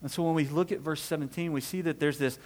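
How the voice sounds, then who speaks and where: A man's voice: on the high side, fairly even intonation, quick pace, darkish tone. Pastor guy preaching, chatty, lots of "right?", big echoey hall. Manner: conversational preaching, rhetorical questions, frequent "right?". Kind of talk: sermon.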